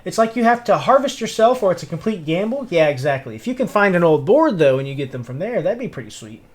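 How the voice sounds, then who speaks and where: This man talks fast, pitched high and very animated. He's from Tennessee, speaks with a Southern accent, and keeps a laid-back livestream going as he works, saying hello to viewers, muttering, and humming along.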